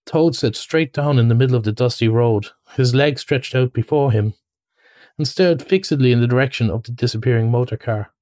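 A man reading a children's classic aloud in measured storybook narration, with a few small restarts. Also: medium pitch, a little mellow, no room sound. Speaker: reader.

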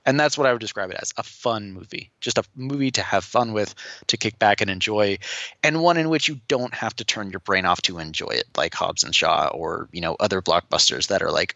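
A man's voice: lowish voice, lively intonation, moderate pace, creaky, sharp tone, no echo, lo-fi sound. A man co-hosting a film podcast, reviewing movies enthusiastically in casual chat. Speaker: podcast co-host.

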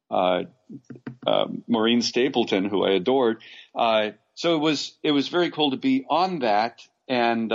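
A man from Los Angeles recalls his acting jobs in a loose, rambling way, full of restarts and sudden lively asides. His voice sits at an ordinary middle pitch, heard through a dull, lo-fi connection. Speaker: actor guest. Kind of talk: casual interview anecdotes.

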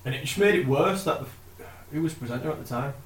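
A man co-hosting a casual football podcast, telling stories with animated delivery and dry put-downs. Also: mid-range voice, fast talker. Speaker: podcast co-host. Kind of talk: casual chat. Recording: echoey room, distant mic, faint noise.

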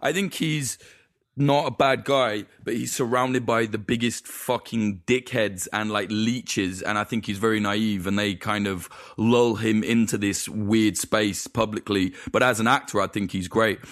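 A man's voice: lowish voice, steady tone, unhurried, a bit bright, dry recording, studio quality. A man in casual podcast chat, telling stories in a rambling, profane way full of false starts.

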